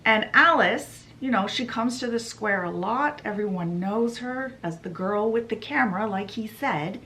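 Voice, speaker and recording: A woman's voice: medium pitch, animated, a little slow, sharp tone. A woman hosting a book vlog, recapping a story in a chatty way with asides. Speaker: book vlogger.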